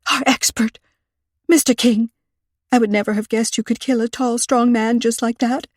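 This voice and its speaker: A woman's voice: fairly even intonation, normal speed, no room sound, studio quality, natural voice. A woman voicing a panicky, breathless assistant librarian. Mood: panicked. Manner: breathless, panicky, high and tremulous. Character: frantic, soft-spoken older woman librarian's assistant. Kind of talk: audiobook character reading.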